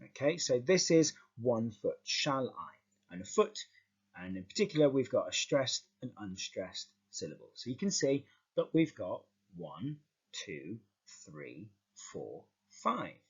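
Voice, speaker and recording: A male teacher explaining a lesson in a lively, stop-start way, often repeating words as he goes. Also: mid-range voice, measured pace, husky, lo-fi sound.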